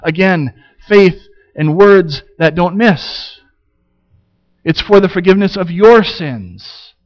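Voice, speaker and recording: A man preaching a sermon in a slow, measured way with touches of dry humor. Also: high voice. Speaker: pastor. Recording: slightly dull lo-fi sound.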